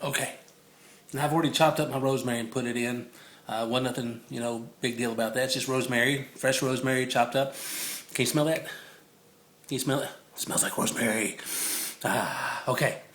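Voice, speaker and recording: A man's voice: medium pitch, steady tone, a little fast, fairly bright tone. A man, chatting and joking as he films himself cooking at home on a phone. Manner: chatty, jokey, laughs often. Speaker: home cook filming a recipe video. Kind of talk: casual cooking demo. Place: home kitchen. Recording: echoey kitchen on a phone mic.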